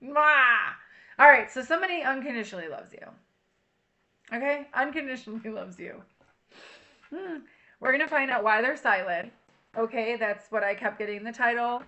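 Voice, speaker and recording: A woman's voice: fairly high pitch, brisk, long pauses, bright, forceful tone. A woman doing a casual tarot reading to camera, chatty and emotional, reading song lyrics aloud. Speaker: tarot reader.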